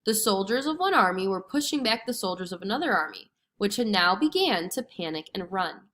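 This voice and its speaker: A woman reading a storybook lesson aloud to children with expressive, clear storytelling. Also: mid-range voice, brisk. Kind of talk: storybook read-aloud narration.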